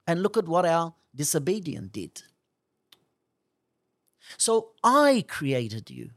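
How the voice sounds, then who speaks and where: Slow, lively-pitched fervent preacher. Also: dry recording, studio quality. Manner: fervent, speaks at length in God's voice. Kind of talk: sermon.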